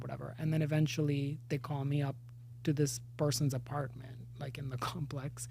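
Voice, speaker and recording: A man's voice: on the high side, fairly quick, gravelly, a little hiss or hum. A man in his thirties from India, an actor telling funny stories about himself in a casual chat, laughing as he goes. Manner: animated, self-mocking, laughs through stories. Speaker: actor and podcast guest.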